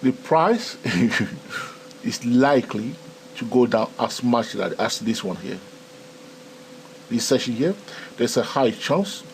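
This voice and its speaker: A man with a non-native English accent talks through a live trading session in a chatty teaching voice. His pitch rises and falls a lot, and he keeps checking in with the listener. A faint hiss of background noise sits under the voice. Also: takes it slowly, pauses often. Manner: animated, repetitive "okay?" and "my friend". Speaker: trading educator. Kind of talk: live screen-recorded trading tutorial.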